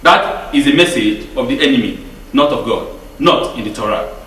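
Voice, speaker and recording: A man's voice: mid-range voice, expressive, moderate pace, fairly bright tone. A man preaching a sermon with emphatic rhetorical questions and frequent restarts. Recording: very echoey hall, mic far off.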